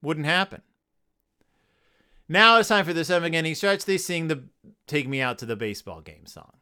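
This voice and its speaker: A man's voice: on the high side, big pitch swings, normal speed, sharp tone, smooth. A man hosting a comedic podcast, reviewing a children's book with sarcasm and goofy character voices. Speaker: podcast host.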